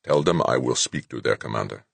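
A man's voice: rumbling low, animated, fairly quick, creaky, breathy edge, no echo, pitched below the performer's own voice, full character voice. A man voicing a weary, defeated male colonel with terse, clipped replies. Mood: grim.

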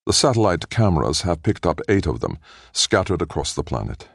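A man voicing an excited male scientist in an audiobook, reporting new findings with a quiver of excitement. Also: low voice, a little fast, vocal fry, slightly rough, dry recording, clean studio sound, full character voice. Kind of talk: audiobook character voice.

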